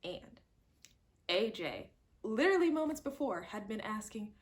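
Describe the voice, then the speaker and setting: A woman reviewing a horror movie in a casual, animated chat, often acting out scenes. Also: mid-range voice, a little slow. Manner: animated and expressive, acts out scenes in quoted voices.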